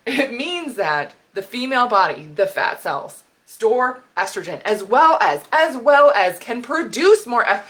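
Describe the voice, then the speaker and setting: A woman's voice: on the high side, moderate pace, few pauses. Fired-up woman health expert teaching. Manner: animated, gets fired up and loud, laughs; draws on a board while explaining. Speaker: women's health and hormone expert. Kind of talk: educational video talk.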